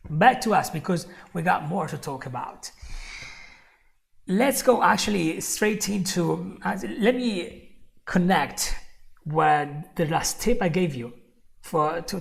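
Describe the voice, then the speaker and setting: A man's voice: fairly high pitch, creaky. A man with an Italian accent mixed with American and Australian tones, teaching an online English lesson. He repeats his key points emphatically and speaks straight to the viewer.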